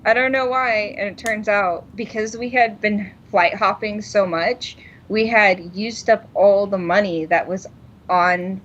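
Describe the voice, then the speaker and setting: A woman co-hosting a podcast, telling a story in casual chat, laughing often and acting out what people said. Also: mid-range voice. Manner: animated, laughs often, acts out quotes. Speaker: podcast co-host. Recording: dull lo-fi sound.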